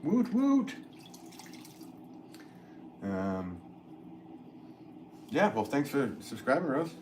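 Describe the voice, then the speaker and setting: A male potter chatting casually on a live stream from his studio, reading out viewer comments, rambling and easygoing with lots of fillers and frequent laughs. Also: lowish voice. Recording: steady background noise in the room.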